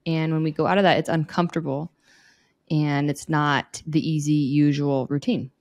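A woman with a somewhat low voice, co-hosting a casual podcast. She sounds relaxed and thoughtful and laughs easily. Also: moderate pace, dull audio. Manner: giggly, easygoing, thoughtful. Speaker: podcast co-host.

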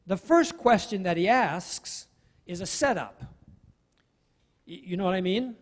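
A man's voice: high-pitched, expressive, a little slow, in a large hall. A man preaching a sermon as pastor, in a conversational way with asides to the congregation. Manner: conversational, with asides and acted-out quotes. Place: church sanctuary.

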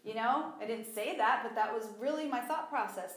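A woman gives a lively, conversational Bible teaching with a fairly high voice. She slips into acted-out voices as she makes her points. The sound is roomy and echoey. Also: normal speed. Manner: animated, acts out quoted voices. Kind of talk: conversational sermon. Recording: echoey room.

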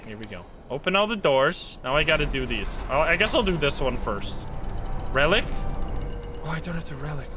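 A man streaming a horror game live, reacting excitably, swearing often and chanting to himself as he plays. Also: medium pitch, slight background noise. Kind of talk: live gameplay commentary.

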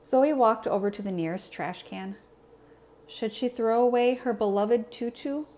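A woman, a teacher, reading a children's story aloud with expressive, animated narration. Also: on the high side, unhurried.

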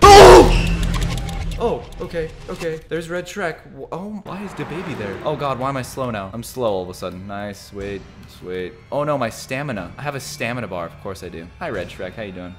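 A young man narrates his own horror gameplay in a casual, animated voice that rises and falls widely. He drops into quiet muttering as he hunts around, then breaks into sudden shouts at every scare. Faint game music plays underneath. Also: medium pitch, moderate pace. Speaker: gaming video host. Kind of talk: excited gameplay commentary.

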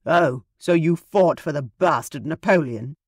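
A woman doing a loud, scornful English gentleman. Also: deep voice, unhurried, no room sound, clean studio sound. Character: blustering hostile English gentleman, grieving father.

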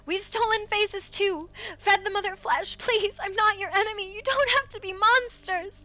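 A woman's voice: very high-pitched, fairly even intonation, normal speed, pushed and bright, highs cut off, pitched above the performer's own voice. A woman voicing a terrified blind woman who shrieks and sobs her pleas. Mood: screaming, pleading.

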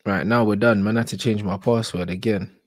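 A young man, giving live reaction commentary on football, slangy and shouting in disbelief. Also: on the low side, fairly even intonation, brisk, dry recording. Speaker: football watch-along streamer.

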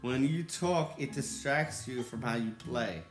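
A man playing a video game alongside his child, coaching briefly in a dry, low-key, terse way during casual chat at home. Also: measured pace. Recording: echoey room with music playing.

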